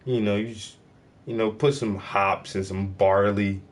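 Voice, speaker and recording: A man's voice: fairly low pitch, fairly even intonation, a little slow, slight background noise. A man chatting casually on a livestream, laid-back and full of slang while he paints. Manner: laid-back slangy talk, lots of "bro" and "yo".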